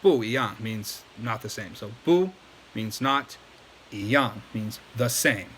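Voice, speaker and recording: Casual male tutor, bright tone, loose and rambling delivery over faint hiss. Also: lowish voice, takes it slowly. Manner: relaxed, chatty, many fillers and restarts. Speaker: language teacher. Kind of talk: casual explanatory lesson.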